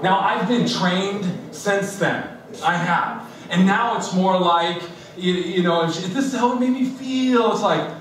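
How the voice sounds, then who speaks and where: A man's voice: sits high, unhurried. A man preaching a sermon, animatedly acting out both sides of an argument with his wife. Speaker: pastor. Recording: distant mic in an echoey hall with noise.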